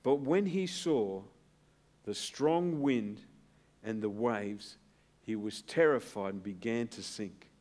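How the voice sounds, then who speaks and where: A middle-aged man, a pastor, preaching a sermon in an earnest, emphatic way and dropping to a hushed tone to reassure. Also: medium pitch.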